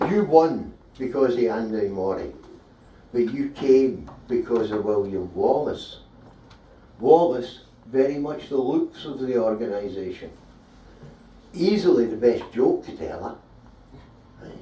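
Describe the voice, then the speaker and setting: A man with a Scottish accent doing a stand-up comedy set with deadpan delivery. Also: medium pitch, a little slow, lo-fi sound. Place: small live comedy venue. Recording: roomy hall, voice from a distance.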